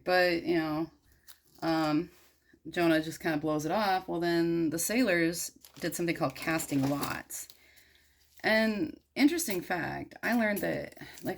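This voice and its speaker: Low gravelly woman, irreverent rambler. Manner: irreverent, slangy, swears freely, asides. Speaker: crafter and storyteller. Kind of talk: casual rambling retelling.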